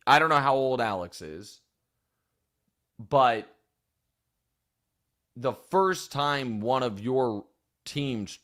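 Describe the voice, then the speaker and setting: A man's voice: mid-range voice, a bit bright. A man hosting a sports talk show, giving opinionated commentary in long, thinking-aloud arguments.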